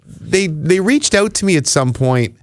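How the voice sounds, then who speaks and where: A man's voice: high-pitched, animated, a little slow, dry recording, studio quality. A man co-hosting a casual podcast, rambling and poking fun at himself. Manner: rambling, self-mocking, jokey. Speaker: podcast co-host. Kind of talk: casual chat.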